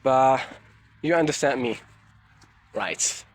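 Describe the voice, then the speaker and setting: A young man from Morocco chatting casually while walking through a forest on a rainy day, halting and searching for words in English. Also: medium pitch. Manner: soft, unhurried talk while walking. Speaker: nature vlogger. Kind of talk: casual walking vlog chat.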